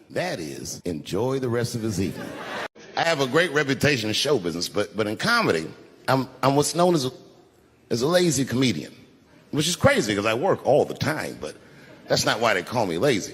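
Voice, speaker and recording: Laid-back man in his fifties doing stand-up. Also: medium pitch. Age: 50s. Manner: laid-back storytelling with repeated words. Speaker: stand-up comedian. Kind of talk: stand-up comedy routine. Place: large venue on stage. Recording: echoey hall with audience noise.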